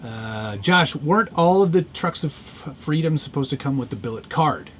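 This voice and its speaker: A man's voice: fairly high pitch, animated, normal speed, a little hiss or hum. A man co-hosting a casual livestream, joking and playful in his banter. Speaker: livestream co-host.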